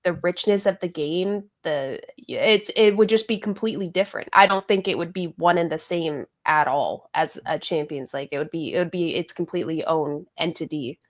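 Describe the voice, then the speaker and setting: A woman soccer analyst giving thoughtful, measured opinions in a casual panel chat, with frequent ums. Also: low voice.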